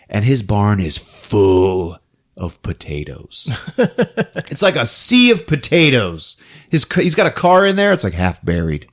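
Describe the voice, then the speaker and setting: A man hosting a podcast, recapping a movie scene by scene, jumping into quick character voices and laughing often. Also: mid-range voice. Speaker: podcast host.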